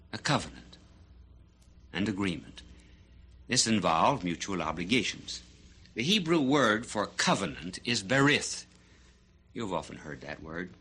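A man delivers a sermon in a low, husky voice with a bright edge. He speaks slowly and deliberately, swinging between loud emphasis and hushed, nearly whispered lines. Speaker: preacher.

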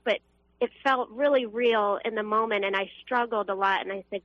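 A woman's voice: mid-range voice, steady tone, no room sound. Caller: young woman, earnest faith testimony over a dull dry phone line. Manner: earnest, halting with fillers and restarts. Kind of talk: emotional personal testimony.

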